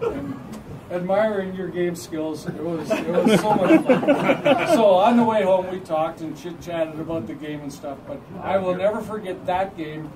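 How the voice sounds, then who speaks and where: A man with a Canadian accent telling lively, laughing anecdotes at a memorial gathering about a fellow referee. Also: high-pitched. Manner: animated storytelling, acts out quoted voices with laughter. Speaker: referee assigner giving a memorial tribute. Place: gathering hall with audience. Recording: distant mic, noisy crowd.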